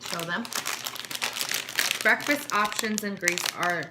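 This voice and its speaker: A woman's voice: medium pitch, slow pace, heavy background noise. A woman vlogger tasting snacks on camera, casually reading card text aloud and stumbling over words. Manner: stumbles over words while reading, talks with mouth full. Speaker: vlogger reviewing a snack box.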